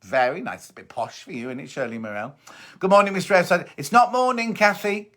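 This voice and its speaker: A man's voice: sits high, brisk, sharp tone. A middle-aged man presenting a sewing show, reading out viewer comments and chatting about them in a gossipy, teasing way. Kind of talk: casual live chat reading viewer comments.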